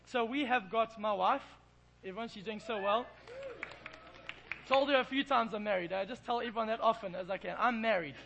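An Englishman preaching in church tells a self-deprecating, playful story, using humor in his sermon. His high voice is gravelly with a sharp tone and a slightly fast pace, and the audio is poor.

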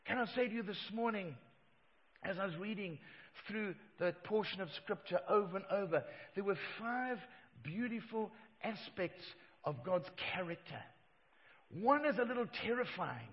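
Middle-aged male pastor, emphatic sermon delivery; high-pitched, recorded dull with long hall reverb. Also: animated, moderate pace. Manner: emphatic preaching, swings from loud to hushed. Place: church hall.

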